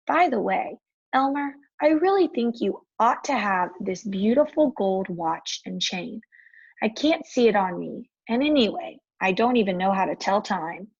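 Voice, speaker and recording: Woman doing a shy sweet dragon boy, soft and husky, kinda muffled recording. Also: medium pitch, lively intonation, a little slow, dry recording, exaggerated voice. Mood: gentle. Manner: soft, tender, a little tearful. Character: gentle shy young male dragon.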